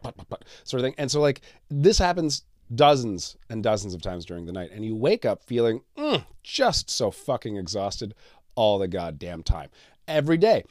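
Man, podcast host, middle-aged, sarcastic, swears a lot, animated pitch, dry studio sound. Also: no room sound. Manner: sarcastic, swears often, laughs at his own jokes. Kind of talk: casual solo podcast monologue. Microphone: studio mic.

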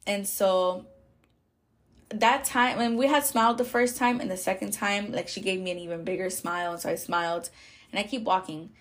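A woman hosts a podcast and tells a personal faith story in loose, chatty talk. She laughs often and fills her sentences with fillers and restarts, and her pitch sits in a middle range. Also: fairly even intonation, normal speed. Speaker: podcast host. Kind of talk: casual faith testimony.

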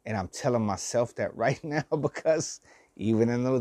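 A man's voice: mid-range voice, normal speed, mellow, no echo. Older guy preaching love and forgiveness, repeats himself, cusses a lot, dry close sound. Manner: heartfelt, preachy, repeats phrases, swears, slangy. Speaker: vlogger giving life advice. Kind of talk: emotional motivational monologue.

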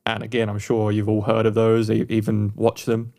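A man's voice: lowish voice, monotone, normal speed, creaky, darkish tone. A man co-hosting a music podcast, talking enthusiastically in casual, rambling chat with frequent restarts. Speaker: podcast co-host reviewing songs.

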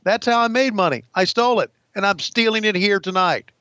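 A man's voice: high-pitched, animated, fairly quick, pushed and bright, dry recording, highs cut off. A man mimicking a brash, foul-mouthed male wrestler who brags crudely and swears a lot. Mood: boastful.

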